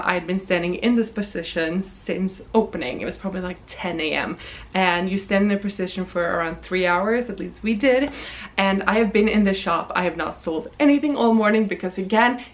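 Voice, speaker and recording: A woman in her twenties from Norway, telling a storytime vlog in a chatty, animated way with frequent laughs and swearing. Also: mid-range voice, a little fast. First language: Norwegian. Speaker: vlogger.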